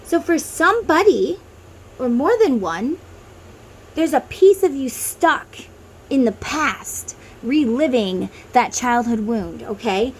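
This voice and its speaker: A woman's voice: a little high, a little hiss or hum, rough recording. Chatty woman guiding a meditation. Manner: chatty, tangents, addresses viewers as guys. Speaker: tarot reader. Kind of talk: guided inner-child meditation.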